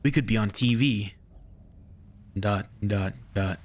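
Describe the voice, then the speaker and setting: A man's voice: lowish voice, takes it slowly, slight background noise. A man voicing an easygoing young male crewman in a game, talking in a laid-back, slangy way. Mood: chatty.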